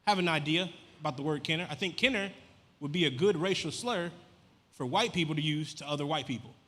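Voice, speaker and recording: Male stand-up comic, rambling deadpan delivery, live club room with long reverb. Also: a little high, brisk. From Louisiana. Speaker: stand-up comedian. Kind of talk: stand-up comedy set. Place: comedy club stage. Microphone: handheld stage mic.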